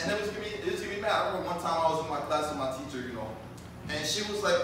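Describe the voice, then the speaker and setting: A young man from Jamaica works through a stand-up set, rambling through his stories with plenty of fillers. His voice sits a little high. He is picked up from a distance in a very echoey club, with clear room noise underneath. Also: rapid-fire. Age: 20s. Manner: loose, chatty storytelling with lots of fillers. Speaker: stand-up comedian. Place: comedy club stage.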